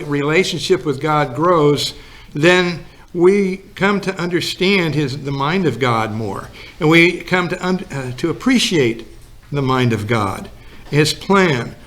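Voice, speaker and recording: A man's voice: on the high side, a bit bright. A male pastor giving a sermon in a folksy storytelling manner, acting out the lines of the people in his story.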